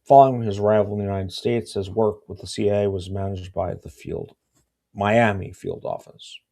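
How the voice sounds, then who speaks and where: A man's voice: lowish voice, fairly even intonation, normal speed, mellow. A man hosting a podcast, reading documents aloud in a casual way and laughing often. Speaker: podcast host.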